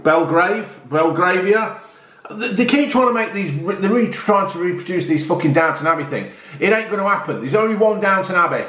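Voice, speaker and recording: A man's voice: fairly high pitch, a bit bright. A middle-aged man chatting casually as a vlogger, reacting bluntly to news stories with plenty of swearing. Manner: blunt, sweary, ranting commentary. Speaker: vlogger reviewing newspaper stories. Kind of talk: casual chat. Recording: echoey room.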